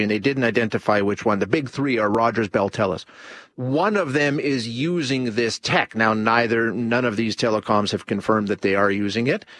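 A man's voice: mid-range voice, a bit bright, no room sound. A man hosting a call-in talk radio show, rambling with many restarts and fillers. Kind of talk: casual talk radio commentary.

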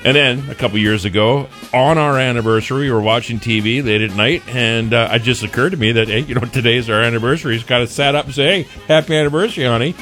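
A man hosting a morning radio show, telling a wry personal story in a casual, animated way. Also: medium pitch, quick pace, few pauses, soft background music.

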